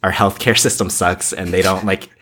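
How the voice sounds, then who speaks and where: A man's voice: deep voice, little pitch movement, normal speed, bright, forceful tone. A man co-hosting a podcast, speaking casually and thoughtfully, searching for the right words. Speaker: podcast co-host.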